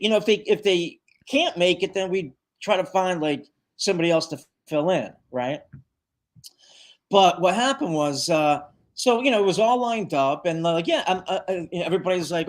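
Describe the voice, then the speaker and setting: A man's voice: on the high side, animated, normal speed. A man who leads a tribute band, guest on a live show, telling a long story in a loose, rambling way with lots of fillers and acted-out quotes. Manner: rambling, full of fillers, acts out quoted lines. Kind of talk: casual storytelling in a live interview.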